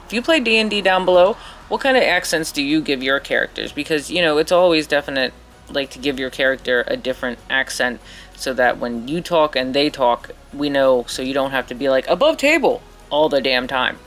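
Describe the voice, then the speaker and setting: A woman's voice: sits low, brisk. A woman chatting casually as she paints, rambling and self-mocking in her asides. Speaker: painting vlogger. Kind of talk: casual chat while painting.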